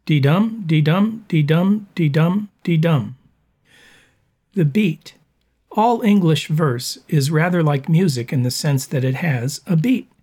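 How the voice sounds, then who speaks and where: Husky man reading a lesson. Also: a little high, darkish tone. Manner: measured, explanatory reading. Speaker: narrator. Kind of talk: scripted narration.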